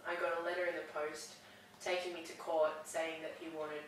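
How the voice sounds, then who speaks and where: A woman talking haltingly as a client in a counselling session, with many restarts. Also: low voice, level tone, slight background noise. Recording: echoey room, far from mic.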